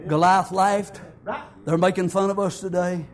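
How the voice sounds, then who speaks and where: A man preaching a fiery, folksy sermon that builds to shouts. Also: high-pitched, steady tone, unhurried.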